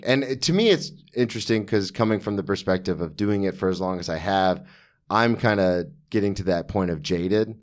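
Low-voiced man hosting a casual podcast. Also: moderate pace. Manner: loose, joking, swears casually. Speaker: podcast host. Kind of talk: casual interview chat.

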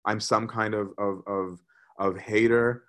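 A man's voice: fairly low pitch, level tone, measured pace, fairly bright tone. A man giving a conversational sermon as a priest, often repeating words as he gathers his thoughts.

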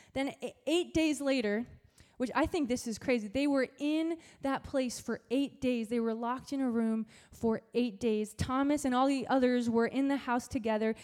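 A young woman youth pastor giving a sermon, telling a story in animated, casual slang. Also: high voice, moderate pace, few pauses.

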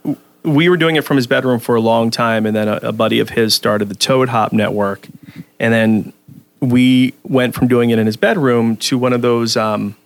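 Man, podcast guest, casual rambling storytelling, mid-pitched voice. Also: fairly even intonation, moderate pace, dry recording. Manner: rambling, many restarts and fillers.

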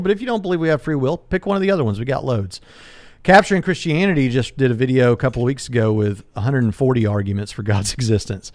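A man in his forties hosting a livestream debate discussion, talking quickly with many fillers and restarts. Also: lowish voice, darkish tone, dry recording. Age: 40s. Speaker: host.

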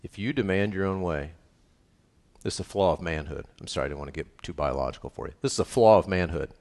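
A man's voice: sits low, quick pace, vocal fry, a little mellow. A middle-aged man preaching a sermon on marriage, emphatic and joking, repeating his key lines. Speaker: pastor.

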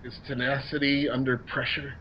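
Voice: medium pitch, normal speed, lo-fi sound, a little hiss or hum. A podcast co-host in a casual TV recap chat, making sarcastic quips. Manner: wisecracking, animated, sarcastic quips.

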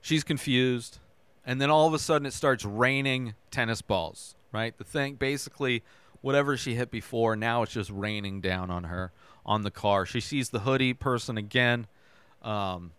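A man's voice: medium pitch, a bit bright, smooth, no room sound. A man hosting a podcast, casually retelling a TV episode scene by scene, tossing in "right?" and loose quoted dialogue. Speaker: podcast host recapping a TV episode. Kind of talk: casual recap.

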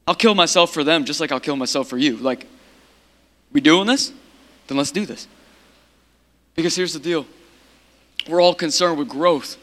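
A man preaching a sermon as pastor of his church, impassioned and repetitive, building to shouted peaks. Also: a little high, normal speed, pauses often.

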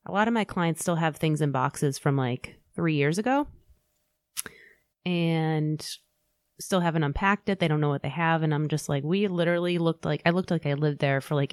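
Woman, 30s-40s, organizer-vlogger; low, rambling, casual chat. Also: moderate pace, dry recording. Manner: chatty, rambling, frequent "like" and "um". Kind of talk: casual personal storytelling.

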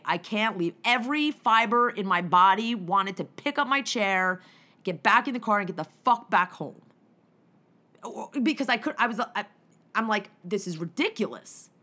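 A young adult woman telling a story as a profane, animated rant, acting out her own retorts. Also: fairly high pitch.

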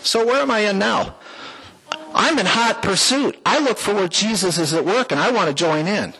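A man's voice: high-pitched, normal speed, bright, forceful tone, breathy edge, rough recording. A man giving a folksy, heartfelt personal testimony to a church congregation, with small jokes along the way. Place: church sanctuary, before the congregation.

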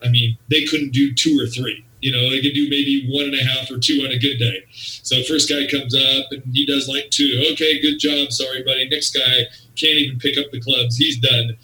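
A man's voice: medium pitch, normal speed. A man, a wrestling promoter, animatedly telling a story in an interview and acting out the people in it. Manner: animated storyteller who acts out quotes. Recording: roomy sound, distant from the mic.

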